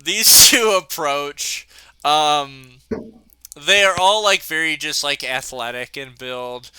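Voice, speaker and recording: A man's voice: on the high side, slow pace, sharp tone, smooth, dry recording. A young man narrating a tabletop game as game master, with loose, filler-heavy narration.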